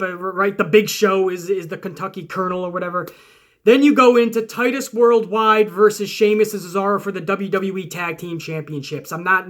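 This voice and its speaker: A fired-up man walks through his wrestling booking ideas, cursing constantly and rambling from one thought to the next. His voice sits high and sounds bright and edgy, with the pull of an eager storyteller. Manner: profane, rambling, heavy swearing; enthusiastic, animated storyteller. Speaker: wrestling fantasy-booking vlogger. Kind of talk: casual excited monologue.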